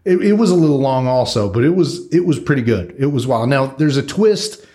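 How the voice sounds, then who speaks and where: A man's voice: medium pitch, animated, brisk, warm tone. A man co-hosting a podcast in easy casual chat, laid-back with many fillers. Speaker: podcast co-host.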